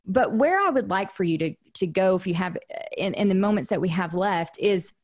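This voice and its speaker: A woman hosts a casual interview conversation, speaking at a mid-range pitch. She thinks aloud, circling back with restarts and filler words as she works toward her point. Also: animated, fairly quick. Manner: reflective, frequent restarts and fillers. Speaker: podcast host.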